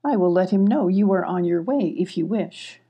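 A woman voicing a wise mother owl in a storybook, hooting and delivering news briskly. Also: fairly low pitch, animated, mellow, husky. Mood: informative.

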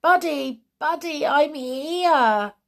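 A woman voicing an excited young boy who calls out joyfully. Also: mid-range voice, measured pace, breathy edge. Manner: joyful, calling out. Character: excited young boy reunited with his dog.

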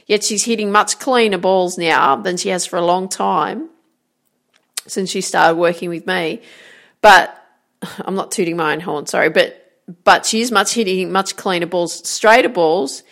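A woman's voice: fairly low pitch, measured pace, gravelly, fairly bright tone. A woman hosting a motivational podcast as a golf coach, talking earnestly and encouragingly and repeating her key phrases.

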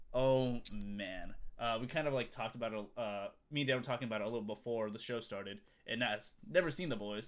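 A man's voice: medium pitch, a bit bright. A man co-hosting a podcast in casual chat, rambling with many fillers and restarts. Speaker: podcast co-host.

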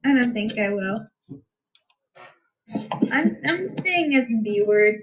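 A young woman in a casual chat with friends, sassy and quick with comebacks. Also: fairly high pitch, lively intonation, noisy background.

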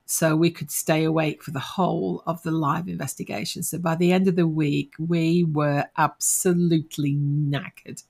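Gravelly middle-aged woman. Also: deep voice, steady tone, moderate pace, hardly any pauses, a little mellow. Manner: laughing, self-deprecating storyteller. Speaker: podcast co-host, ghost hunter. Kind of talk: casual podcast chat.

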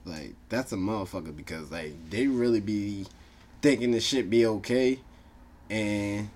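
Low-voiced male co-host, casual and profane, animated storyteller. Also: unhurried. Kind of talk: casual chat.

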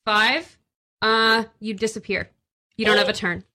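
Bright-voiced woman game master. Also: medium pitch, little pitch movement, measured pace. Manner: casual, giggly, full of fillers. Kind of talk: narrating a tabletop game.

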